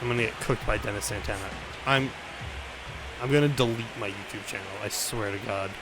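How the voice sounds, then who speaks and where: Frustrated with his baseball game, the young gaming YouTuber curses through his commentary, alternating loud bursts with low muttering. His pace is a little quick, and there's background noise.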